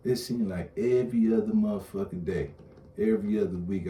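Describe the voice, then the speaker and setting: Deep-voiced man ranting bluntly to camera; mic set back, faint background hum. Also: dark tone. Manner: blunt, profane, repetitive. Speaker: online commentator. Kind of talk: casual rant to camera. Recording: roomy echo, distant mic, faint ambience.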